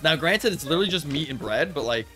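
A man with a somewhat high voice talks through a co-op cooking game in loose, casual chat. He explains the rules as he goes, restarting his sentences and circling back. Faint game music plays under him. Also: lively intonation, fast talker. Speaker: streamer leading a co-op cooking game.

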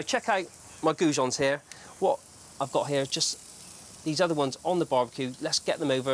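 Brief: chatty man in his thirties, TV cooking slot, slightly raised pitch, faint studio hum. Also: a bit bright. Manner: chatty, upbeat, giving tips. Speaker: TV chef. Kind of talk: cooking demonstration. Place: TV studio kitchen.

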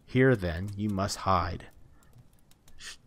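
Man reading as a lame smith god, grave, reluctant, sorrowful, low voice. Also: very slow.

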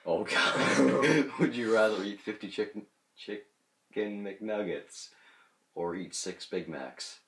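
A man co-hosting a casual chat, wry and quick with retorts, laughing often. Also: on the low side, a bit bright. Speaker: co-host. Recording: echoey room.

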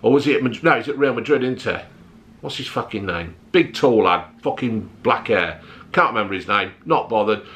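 A man's voice: on the low side, lively intonation, fairly quick. Blunt swearing man ranting. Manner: blunt, heavy swearing, rising to shouty outbursts. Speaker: vlogger. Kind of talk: ranting monologue to camera.

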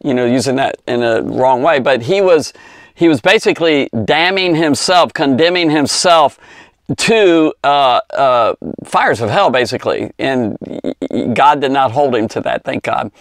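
A man teaching a Bible story to kids in a rambling, conversational way, full of fillers and asides, slowing down to stress key words. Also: mid-range voice, no room sound, clean studio sound. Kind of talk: informal Bible lesson for children.

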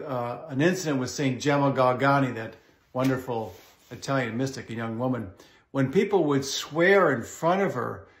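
A man, a Catholic priest and exorcist, giving a pastoral teaching talk in a measured way, pausing often with "uh". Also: medium pitch, roomy sound. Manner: measured, with frequent "uh" pauses.

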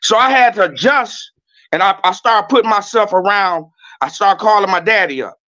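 A man with a high, bright and forceful voice, ranting loudly as a podcast guest. He talks bluntly and curses a lot, stumbling and restarting as he goes. The sound is a little dull and lo-fi. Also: animated, moderate pace. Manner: loud, blunt and profane, with many restarts. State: a little nervous. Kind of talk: heated rant on a podcast.

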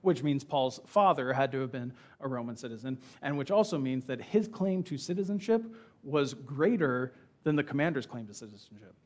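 A man preaching a sermon in a church, retelling a scripture passage in a casual, animated way and acting out the characters' lines. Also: medium pitch, moderate pace. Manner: conversational, animated storytelling with acted-out quotes. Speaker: pastor.

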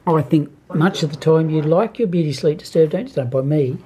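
An older man filming at home, chatting fondly to his cat and slipping into a soft whisper. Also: a little high, a little fast, breathy edge. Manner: doting and chatty, drifts between cooing and soft whispering. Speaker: cat owner filming a video. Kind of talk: casual home video, cooing to a pet.

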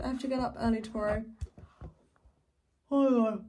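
A woman's voice: on the high side, steady tone, normal speed, distant mic, very noisy. A young woman in her twenties chatting casually in a home vlog, rambling, trailing off and swearing freely. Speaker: vlogger. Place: home, indoors.

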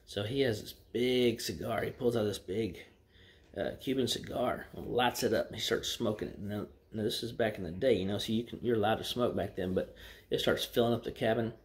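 A man's voice: on the low side, brisk. A man telling jokes in a folksy, rambling way, with fillers. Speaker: joke teller. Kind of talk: casual joke telling.

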